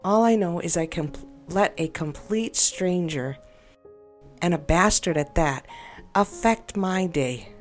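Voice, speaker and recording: A woman talks through a frustrating encounter in a loose, rambling monologue. She sounds upset and exasperated and keeps doubting herself. Quiet music plays underneath. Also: fairly low pitch, a little slow. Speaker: game video creator. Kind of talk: personal venting monologue. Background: faint background music.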